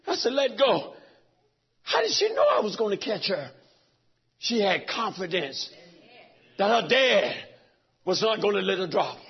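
A middle-aged man preaching a sermon, telling a personal story with great emotion, dropping to a hush and rising to shouts. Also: high voice, gravelly, husky. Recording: dull lo-fi recording.

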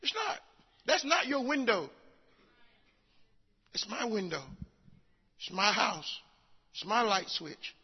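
Older man preaching, high lively voice, folksy storyteller, muffled echoey church recording. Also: slow pace, pauses often, husky. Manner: folksy storytelling with acted quotes, rising to shouts. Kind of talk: sermon.

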